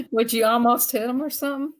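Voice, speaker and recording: A woman hosts a casual live chat, rambling along in an easygoing way. She chuckles as she goes, and her voice sits slightly high. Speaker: live stream host.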